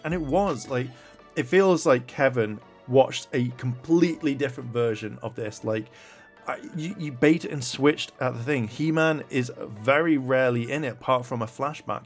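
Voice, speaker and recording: A man's voice: mid-range voice, normal speed, soft background music. Irritated man ranting, profane. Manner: irritated, profane, reads articles aloud with frequent fillers. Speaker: commentary vlogger. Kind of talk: ranting commentary.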